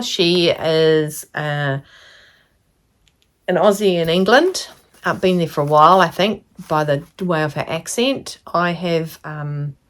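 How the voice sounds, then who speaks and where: A woman's voice: on the low side, fairly bright tone. A woman craft vlogger chatting casually to camera, rambling with lots of ums. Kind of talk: casual sit-down chat to camera.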